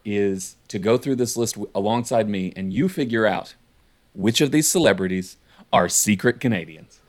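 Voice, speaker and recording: A man with a fairly low voice hosting a casual podcast from home. He talks in a loose, joking way and laughs easily between his points. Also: normal speed. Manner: chatty, laughs often, playful mock-apologetic asides. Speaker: podcast host. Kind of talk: casual chat.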